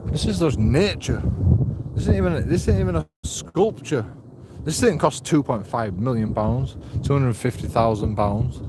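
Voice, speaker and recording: A man's voice: mid-range voice, expressive, normal speed, noisy background. A man, a streamer talking on a walk outdoors, blunt and rambling with lots of swearing. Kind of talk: casual walking vlog.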